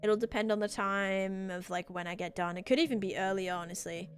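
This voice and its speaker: A woman's voice: medium pitch, fairly quick. A woman chatting casually and bubbly on a live stream while playing, thanking her viewers. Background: faint background music.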